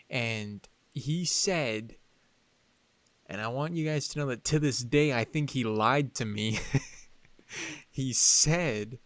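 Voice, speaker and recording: An excitable young man spins a story on a casual podcast, his voice rising and tumbling with fillers as he goes. His tone sits at an ordinary middle pitch, and the recording is dry, with no room sound around him. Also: slow, long pauses, no room sound. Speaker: podcast co-host.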